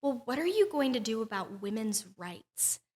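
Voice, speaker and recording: A woman's voice: on the high side, sing-song, moderate pace, a little mellow. A young woman quoting an indignant older woman who confronts her at the door. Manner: indignant, accusing.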